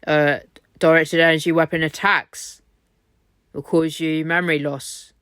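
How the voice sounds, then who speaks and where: A man's voice: a little high, level tone, a little slow, a bit bright, clean tone, no room sound, studio quality. A man in a hotel room, rambling on in an exhausted, repetitive monologue laced with swearing. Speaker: vlogger. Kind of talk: rambling self-recorded monologue.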